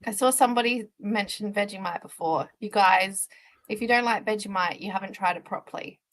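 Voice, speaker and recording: A woman's voice: mid-range voice, brisk, a bit bright, low-quality recording. A woman co-hosting a casual live stream over a video call, giggly and self-conscious as she chats.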